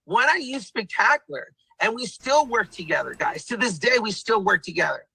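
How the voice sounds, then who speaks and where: A man's voice: high-pitched, animated, moderate pace, vocal fry, bright, forceful tone, a little hiss or hum, poor audio. A man giving an emphatic motivational pep talk, repeating himself and calling the viewers guys. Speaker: testimonial speaker.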